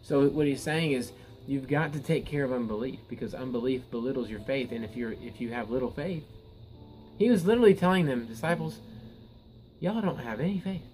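Male preacher, mid-range voice, earnest teaching sermon with stumbling restarts that build to forceful emphasis. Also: mid-range voice, lively intonation, a little fast, a little hiss or hum, rough recording. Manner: earnest, repeats words and restarts, rises to emphatic peaks.

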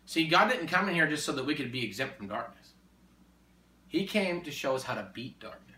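A man preaching in a conversation, emphatic and repetitive, building to forceful exhortation. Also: fairly high pitch, expressive, fairly quick. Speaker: Christian speaker. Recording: echoey room, distant mic.

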